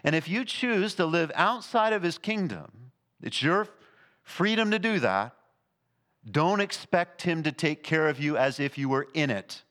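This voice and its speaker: Male pastor delivering a sermon, emphatic, shifting from loud highs to low, quiet passages. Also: lively intonation, a little slow. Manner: emphatic preaching, rising and falling in pitch and volume.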